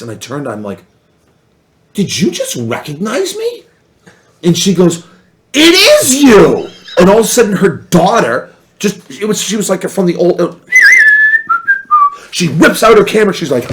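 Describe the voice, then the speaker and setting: A man telling stories as a guest on a podcast, his voice swinging up and down in pitch and acting out the people he met. His delivery is animated and casual. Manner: animated, acts out other people's lines. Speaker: podcast guest, former reality show contestant. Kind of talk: casual storytelling chat.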